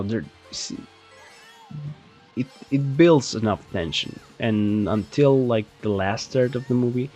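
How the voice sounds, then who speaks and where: A man who says he is sick, rambling and swearing his way through casual commentary over gameplay, with many self-deprecating asides and restarts. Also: low voice. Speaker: channel host reviewing a movie while playing a kart game.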